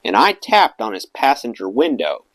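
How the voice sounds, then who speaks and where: A man's voice: mid-range voice, very animated, moderate pace, no room sound. A man reading a memoir aloud for an audiobook channel, telling it expressively. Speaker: audiobook reader.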